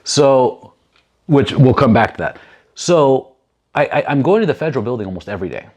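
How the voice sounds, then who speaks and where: A man telling a long story in a casual podcast conversation, animated, swearing freely and acting out what other people said. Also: mid-range voice, normal speed.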